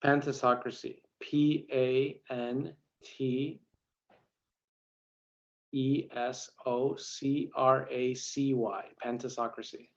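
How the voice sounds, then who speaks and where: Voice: mid-range voice, little pitch movement, slow pace. A contestant at an online spelling bee who asks for the meaning and spells carefully letter by letter. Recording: dull lo-fi online audio.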